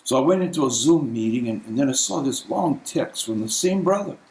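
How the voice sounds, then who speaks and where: A man preaching a sermon as a pastor, telling stories conversationally and clearing his throat often. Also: mid-range voice, expressive, fairly quick, darkish tone, reverberant, low-quality recording.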